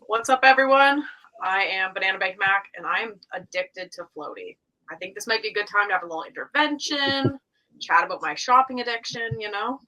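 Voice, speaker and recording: A woman's voice: mid-range voice, a little fast, sharp tone, rough recording. A woman co-hosting a casual podcast, joking about herself in a playful way. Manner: playful, self-mocking. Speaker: co-host.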